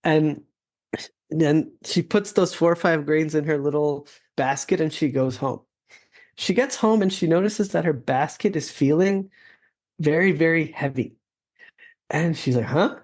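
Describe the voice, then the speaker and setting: A man's voice: a little high, a little slow, a little mellow. A man hosting a podcast, telling a story in a casual, earnest and reflective way. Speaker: podcast host.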